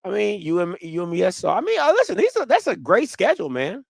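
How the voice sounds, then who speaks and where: Exclaiming sports-talk host, lively pitch. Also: male voice, fast talker, gravelly, dry recording. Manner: exclamatory, reacting aloud while reading out lists. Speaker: podcast host.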